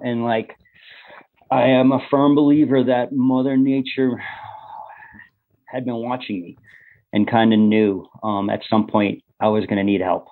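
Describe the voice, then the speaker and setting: Earnest man on a narrow, phone-like line. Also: on the low side. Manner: earnest, halting with many fillers and restarts. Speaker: podcast guest. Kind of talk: candid conversational storytelling.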